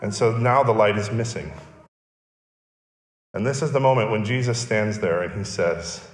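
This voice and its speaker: A man's voice: fairly low pitch, moderate pace, pauses often. Man preaching in an echoey hall. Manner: explanatory, emphatic repetitions. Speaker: pastor. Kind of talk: sermon.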